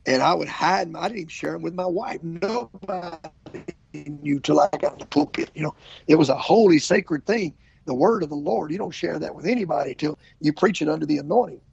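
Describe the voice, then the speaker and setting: Gravelly older preacher. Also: male voice, fairly high pitch, brisk, highs cut off. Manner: animated storyteller, acts out quotes. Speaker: traveling evangelist preacher. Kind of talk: casual storytelling interview.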